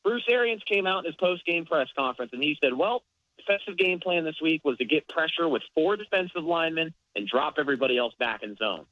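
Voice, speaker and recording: A man breaks down plays in detail on a casual sports podcast, his voice a little high. The recording sounds dull and lo-fi, with no room echo. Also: lively intonation, fast talker. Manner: analytical, explains plays in detail. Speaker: podcast co-host.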